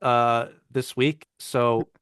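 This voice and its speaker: A man's voice: medium pitch, flat delivery, extremely slow, a bit bright, clean tone, dry recording, clean studio sound. A man co-hosting a casual fantasy football podcast, talking loosely with frequent restarts. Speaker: podcast co-host.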